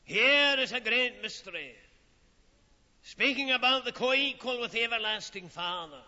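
A man preaching a sermon in a slow, solemn manner, with dramatic pauses and phrases that fall away softly. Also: very high voice, animated. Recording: old lo-fi recording in a reverberant hall.

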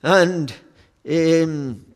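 A man preaching a sermon, with a high voice and a slow, measured delivery, pausing on fillers as he goes. His words ring with the long reverb of a church hall.

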